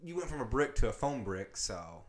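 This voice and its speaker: A man's voice: mid-range voice, big pitch swings, moderate pace. A young man co-hosting a podcast, joking and teasing in casual chat. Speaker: podcast co-host.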